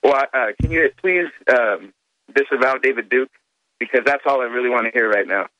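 A man calling in to a talk radio show, speaking hesitantly and often pausing on fillers. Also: medium pitch, pushed and bright, no echo, low-quality recording. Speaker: caller. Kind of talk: phone-in talk radio call.

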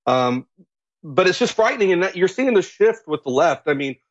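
A male guest from Florida on a political talk show, speaking haltingly with many restarts. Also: high-pitched, sing-song, muffled recording.

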